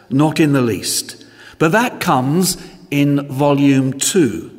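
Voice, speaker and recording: A male preacher with a fairly high voice delivers a sermon at a slow, deliberate pace. He leans on emphatic rhetorical questions. His voice rings out with a long church-hall reverb.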